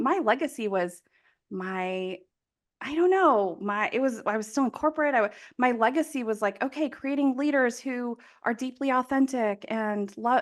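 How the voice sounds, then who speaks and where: A woman in her thirties hosting a podcast, talking emotionally and rambling, often laughing. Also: fairly high pitch. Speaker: podcast host. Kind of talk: casual conversation.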